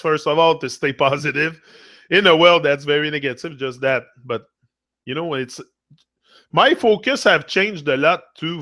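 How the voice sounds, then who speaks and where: A native French speaker from Quebec with a Quebec French accent hosts a live stream of casual motivational chat, rambling and drifting between English and French. His voice is fairly high, bright, and forceful, captured with studio quality and no room sound.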